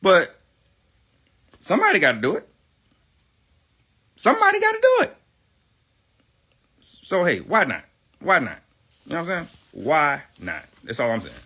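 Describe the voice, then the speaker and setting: A man's voice: a little high, huge pitch swings, normal speed, long pauses, sharp tone, breathy edge. A man ranting on a livestream, emphatic, profane and defiant, hammering his points by repeating phrases. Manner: defiant, self-assured. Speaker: livestream guest. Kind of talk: heated livestream rant.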